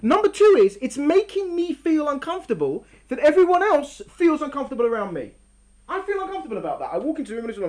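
Speaking fast in a high voice, a woman lectures on religion before a live audience in a room. She tells story analogies with animation, acts out scenes, and frequently restarts her sentences.

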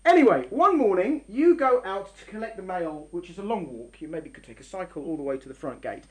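A woman giving a religious lecture to a live audience in a room, telling story analogies in an animated way, acting out scenes and often restarting her sentences. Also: lowish voice, fairly quick.

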